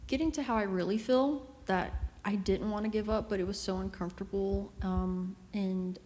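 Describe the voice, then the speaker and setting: A woman's voice: medium pitch, steady tone, a little mellow. Young woman rambling through an emotional testimony. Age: young adult. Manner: rambling, halting, emotional, many fillers. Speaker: camp missionary sharing testimony. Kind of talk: personal testimony, casual. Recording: reverberant room with faint noise.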